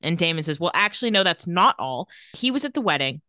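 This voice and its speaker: A woman co-hosting a casual recap chat, retelling scenes and reading out the characters' lines in a flat voice. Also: on the low side, fast, dry recording, studio quality. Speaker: podcast co-host.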